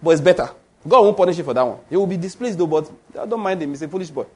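A man's voice: fairly high pitch, animated, racing, darkish tone, husky. A man preaching a sermon with emphasis, often putting questions to his congregation.

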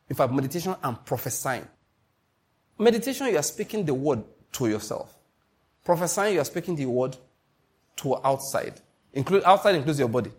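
A man's voice: fairly high pitch, darkish tone, husky. A man preaching a sermon as pastor, stressing points and asking the congregation questions. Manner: emphatic preaching with call-and-response questions.

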